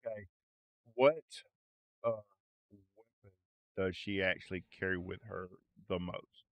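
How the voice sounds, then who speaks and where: A man's voice: sits low, slow pace, no room sound, muffled recording. A man narrating a tabletop role-play game as game master, in a loose conversational way with fillers.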